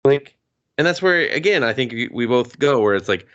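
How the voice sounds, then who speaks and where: A man co-hosting a movie review podcast, joking, swearing and acting out scenes in quick character voices. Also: medium pitch, animated, fairly bright tone, lo-fi sound. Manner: profane, jokey, acts out characters with laughs. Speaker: podcast co-host. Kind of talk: casual movie review chat.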